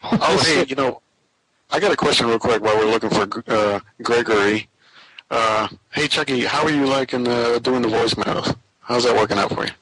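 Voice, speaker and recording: A man chatting casually as a former podcast co-host, relaxed with many fillers. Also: mid-range voice, moderate pace, poor audio. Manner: relaxed, filler-heavy talk. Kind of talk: casual group chat.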